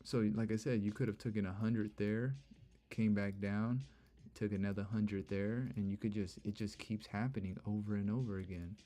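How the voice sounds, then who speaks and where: A man's voice: fairly low pitch, fairly even intonation, moderate pace, mellow. A young man hosting a casual live stream, chatting loosely and repeating himself while explaining charts to viewers. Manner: chatty, repeats "look" and "bro". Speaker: livestream trading host.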